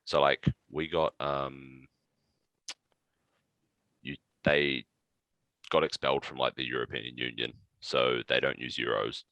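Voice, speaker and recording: Casting: very deep, bright-toned New man, casual podcast storyteller, dry close mic. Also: takes it slowly, long pauses, no room sound, muffled recording. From New Zealand. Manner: animated anecdote-telling with profanity and laughs. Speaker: podcast guest.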